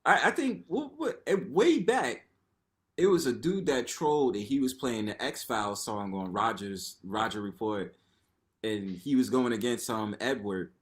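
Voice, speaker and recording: A man's voice: medium pitch, measured pace. A man on an online talk panel chatting casually and joking, using slang and acting out his own reactions. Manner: expressive and joking, slangy, quotes himself in reaction voices. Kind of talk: casual chat.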